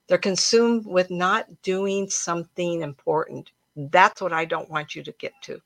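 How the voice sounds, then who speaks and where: Middle-aged woman, spiritual talk host; low, gravelly, dry-miked; chatty and emphatic storyteller. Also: steady tone, measured pace, dry recording. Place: room at home with plants.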